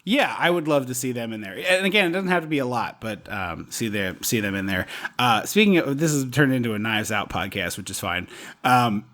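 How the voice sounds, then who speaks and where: Man, podcast co-host, casual movie chat, rambling, quick laughs, mid-pitched voice. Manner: rambling, animated, laughs often.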